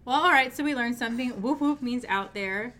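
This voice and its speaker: A woman's voice: fairly high pitch, brisk, pushed and bright. A woman co-hosting a podcast, chatting loosely over wine and laughing often. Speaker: podcast co-host. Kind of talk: casual chat over wine.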